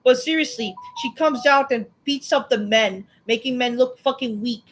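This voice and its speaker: A woman's voice: a little high, normal speed, faint music behind, poor audio. Profane, sarcastic woman ranting a recap. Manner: sarcastic, dismissive, heavy swearing. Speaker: wrestling show reviewer, channel host.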